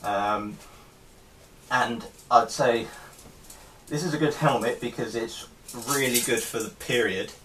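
A man's voice: mid-range voice, slow. A man giving a casual show-and-tell of his helmet collection, talking hesitantly with many ums and restarts. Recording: distant mic with faint background noise.

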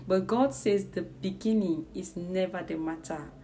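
A woman's voice: lowish voice, measured pace, dark tone, slight background noise. A fervent woman preacher giving a prophetic word. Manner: fervent, repetitive, heartfelt. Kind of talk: prophetic word to online viewers.

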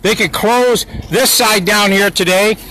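On a rough recording with a little hiss or hum, a man with a high, sharp voice argues with road workers by a school, filming it on his phone. He is unhurried but heated and keeps repeating himself.

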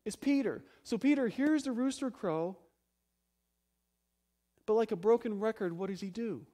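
A man preaching a sermon as pastor, emphatic, asking the congregation rhetorical questions and swinging between loud stresses and hushed low phrases. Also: moderate pace.

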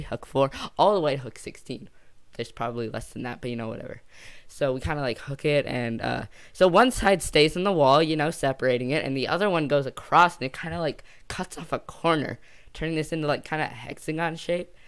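A man's voice: a little high, smooth. A young man telling a casual storytime for his channel, rambling and jokey, often trailing off and circling back. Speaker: YouTuber.

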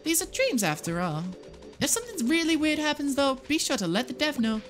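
A woman doing a squeaky little dream guide. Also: very animated, fairly quick, faint music behind. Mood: chirpy.

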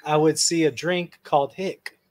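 A man's voice: fairly high pitch, steady tone, normal speed. A man from Israel, hosting a casual chat and prompting with short questions. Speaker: host. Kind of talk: casual conversation.

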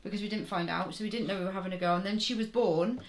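A woman's voice: mid-range voice, rapid-fire, reverberant. A woman chatting casually in a family vlog, often ending with tag questions that invite agreement. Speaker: vlogger parent. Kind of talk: casual chat.

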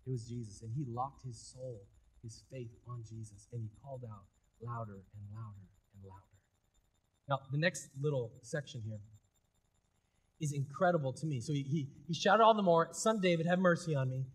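A man preaching a sermon as pastor. He talks in a casual, conversational way, swinging between loud, emphatic bursts and quiet intensity. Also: medium pitch, normal speed, breathy edge.

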